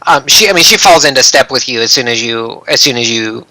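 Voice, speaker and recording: A man narrating as game master in a tabletop game, hesitant and full of pauses. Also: medium pitch, lively intonation, bright, forceful tone, no room sound, rough recording. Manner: hesitant, many ums and restarts.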